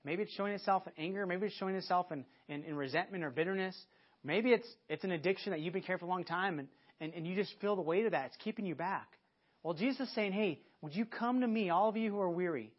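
A man's voice: high voice, fast talker. A man preaching a sermon as a pastor, earnest and often repeating words as he searches for phrasing. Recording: dull lo-fi audio.

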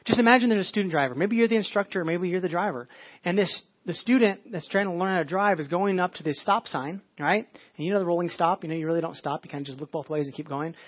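A man's voice: high voice, quick pace, no room sound, lo-fi sound. A man delivering a sermon as pastor, in a conversational preaching manner, with frequent restarts and casual asides.

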